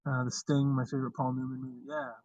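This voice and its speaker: A man's voice: medium pitch, little pitch movement, quick pace, a little mellow, no echo. A man hosting a casual livestream chat, rambling with frequent restarts. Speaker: livestream host. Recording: dull lo-fi stream audio.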